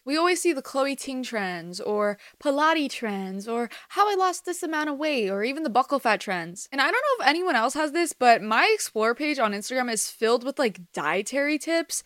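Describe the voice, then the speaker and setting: An eighteen-year-old woman hosting her own podcast, talking candidly about her life, swearing freely and moving between quiet reflection and sudden emphasis. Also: high-pitched, no echo, studio quality. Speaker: podcast host. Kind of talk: personal confessional monologue.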